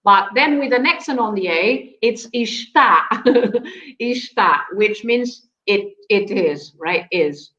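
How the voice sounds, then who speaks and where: Woman, language teacher on a video call; patient, laughs a lot; muffled, roomy sound, slightly high voice. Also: lively intonation, slow, fairly bright tone. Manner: patient, explaining, laughs often. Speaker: Portuguese teacher. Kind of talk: live online language lesson.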